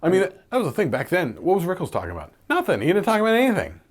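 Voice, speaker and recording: Male co-host, casual rambler who swears freely, slightly high and very expressive pitch. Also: very fast, slightly rough. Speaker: podcast co-host. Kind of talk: casual chat.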